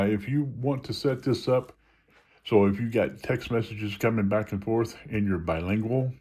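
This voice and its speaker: A man's voice: lowish voice, darkish tone. Easygoing man walking through phone settings. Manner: easygoing, explains step by step with small restarts. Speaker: video creator demonstrating phone settings. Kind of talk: casual screen-reader tutorial.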